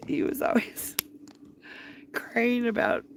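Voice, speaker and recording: A woman's voice: slow, a little hiss or hum. A middle-aged woman telling a rambling story to her live stream from a campfire at night, laughing often as she talks. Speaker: livestreamer. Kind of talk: casual storytelling. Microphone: phone live stream.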